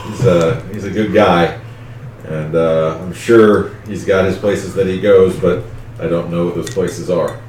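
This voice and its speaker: A man's voice: sits low, steady tone, unhurried, darkish tone, echoey room, distant mic, a little hiss or hum. A man playing an easygoing, noncommittal male city guard in a tabletop game. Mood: evasive. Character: polite laid-back male city guard.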